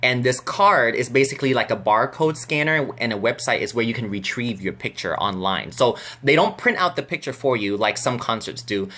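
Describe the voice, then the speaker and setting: A man vlogging to camera, telling a story in a chatty, animated way with many fillers and restarts. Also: medium pitch, moderate pace, hardly any pauses.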